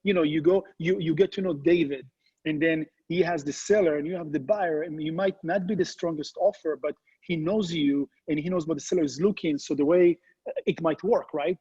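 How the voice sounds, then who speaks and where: Man, real estate panelist, hesitant with fillers, husky slightly high voice, muffled call audio. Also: fairly quick, dark tone. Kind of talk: panel discussion over video call. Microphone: video call.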